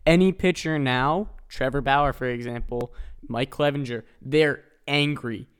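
Hesitant podcast co-host, smooth voice. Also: medium pitch, measured pace. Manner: hesitant, lots of restarts and "like". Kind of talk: casual sports chat.

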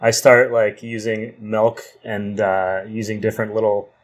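A man's voice: lowish voice, flat delivery, moderate pace, low-quality recording. A man from Wisconsin hosting a podcast interview, asking questions in a friendly, conversational way. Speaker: podcast host.

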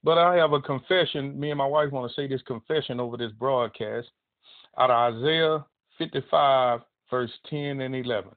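A man's voice: mid-range voice, moderate pace. A man preaching a broadcast sermon, emphatic and repetitive as he quotes scripture. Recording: tinny phone-line audio.

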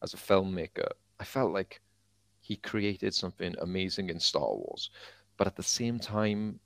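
Podcast co-host, male, very low voice, lively fillers-heavy storyteller, dry close recording. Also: unhurried, gravelly, dry recording. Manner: animated storyteller, many fillers, acts out quotes. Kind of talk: casual chat.

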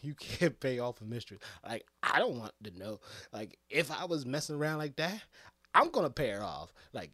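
Comic male ranter, lively up-and-down pitch, laughs a lot, dry close sound. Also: normal speed, no echo. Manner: animated, laughing often, swinging loud to quiet. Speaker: comedic commentator. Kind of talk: casual comedic rant.

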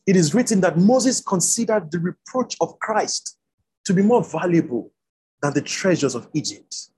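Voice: mid-range voice, darkish tone, slightly rough, poor audio. A preacher giving an online Bible teaching over a video call, repeating key words for emphasis.

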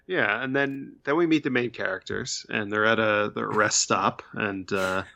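A man casually recapping a bad movie with a co-host, relaxed and full of ums. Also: on the low side, normal speed, gravelly. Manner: laid-back, filler-heavy retelling. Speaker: podcast co-host.

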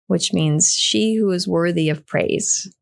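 Middle-aged woman guest, low and gravelly, vividly acts out quotes while telling a story. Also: slow pace, no room sound, clean studio sound. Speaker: podcast guest, yoga teacher and therapist. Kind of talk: storytelling in casual conversation.

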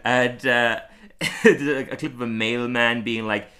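A man's voice: medium pitch, steady tone, a little slow, sharp tone. A man co-hosting a casual podcast, rambling and laughing often as he talks. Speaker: podcast co-host. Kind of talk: casual chat.

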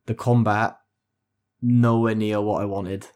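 A man's voice: fairly low pitch, flat delivery, slow, darkish tone. Enthusiastic man in casual gaming chat. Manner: enthusiastic, rambling explanations. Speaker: podcast co-host.

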